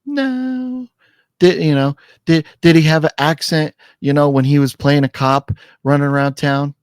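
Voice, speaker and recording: A man co-hosting a casual film review chat, rambling with restarts and sudden lively jumps. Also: fairly high pitch, normal speed, smooth, no room sound, clean studio sound. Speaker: podcast co-host.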